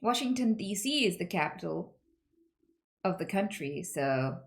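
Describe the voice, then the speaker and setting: A woman streaming, chatting casually with viewers in an animated, chatty way and swearing freely. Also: on the low side, a little slow, gravelly. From United Kingdom.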